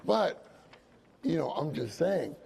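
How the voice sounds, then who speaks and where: A man's voice: fairly high pitch, big pitch swings, takes it slowly, creaky, darkish tone. A man preaching a sermon at a conference, emphatic and repeating phrases for stress.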